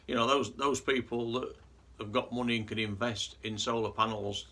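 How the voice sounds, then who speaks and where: A man's voice: mid-range voice, steady tone, moderate pace, bright, forceful tone, slight background noise. A man vlogging in a casual monologue, earnest and rambling with frequent restarts.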